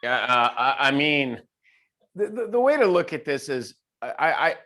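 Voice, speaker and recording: A man with a fairly high pitch and measured pace is the guest in a casual conversational interview. He's animated as he tells stories, frequently restarting and repeating words.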